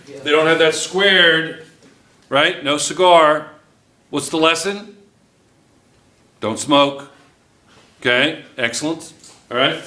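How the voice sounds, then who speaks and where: A man's voice: fairly high pitch, bright, forceful tone, recorded from a distance. A man teaching a physics class, joking and teasing his students as he works through problems. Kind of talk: classroom lesson. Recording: echoey classroom.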